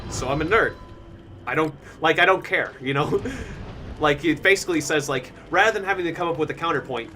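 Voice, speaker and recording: A man's voice: on the high side, bright, forceful tone, a little hiss or hum. A man chatting casually while streaming a game, rambling with lots of fillers and frequent laughter. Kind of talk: casual live-stream chat while gaming.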